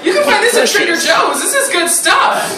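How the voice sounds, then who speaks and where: A high-voiced woman doing stand-up comedy, her pitch swooping up and down as she teases the room. She is recorded from a distance in a roomy, echoey club, with loud noise underneath. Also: normal speed, a loud crowd. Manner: animated, teasing, playful put-on voices.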